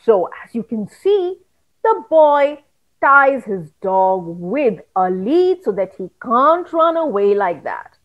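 A woman telling a children's story with an animated, singsong manner, talking directly to the children. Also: on the high side, takes it slowly, lo-fi sound. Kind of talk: storytelling for kids.

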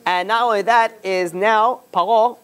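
Rabbi casually retelling a story to students. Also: male voice, high voice, fairly even intonation, unhurried, fairly bright tone. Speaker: rabbi teaching a class. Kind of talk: informal Torah class storytelling.

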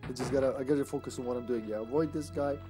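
A man's voice: medium pitch, fairly even intonation, racing, over music. A man streaming a video game live, chatting casually, giggling often and talking to the game and his cat. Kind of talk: casual gaming commentary.

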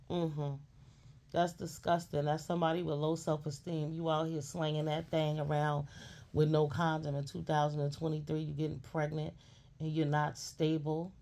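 A woman's voice: sits low, gravelly, warm tone. A woman delivering a blunt, sassy, profane rant as a commentary streamer, scolding her subject.

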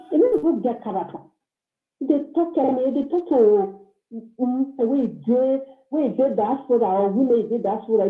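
A woman speaking Nigerian Pidgin English, calling in to rant angrily and hurl insults at someone. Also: on the high side. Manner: scolding, insulting, heated. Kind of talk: angry phone-in rant. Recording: tinny echoey phone line.

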